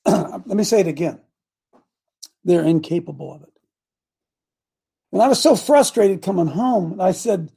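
An older man preaching a sermon as pastor, impassioned and repetitive, with sudden bursts of loud emphasis. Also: high voice, expressive, moderate pace, gravelly, long pauses, husky.

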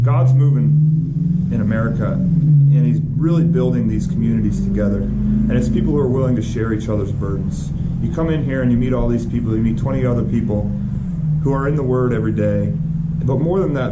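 A man's voice: mid-range voice, highs cut off. Exhortative man recorded in an echoey space. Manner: energetic, preachy and exhortative. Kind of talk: spoken testimonial. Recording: echoey, with loud background noise.

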